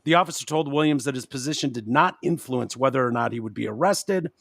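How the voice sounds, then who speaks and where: A man hosting a podcast in casual chat, animated and quick to slip into mocking impressions. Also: mid-range voice, creaky, dry recording, studio quality. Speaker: podcast host.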